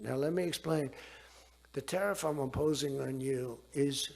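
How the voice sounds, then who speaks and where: Gravelly older man rambling. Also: medium pitch, normal speed, darkish tone. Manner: digressive, repeats himself. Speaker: politician giving a speech. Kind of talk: rambling speech.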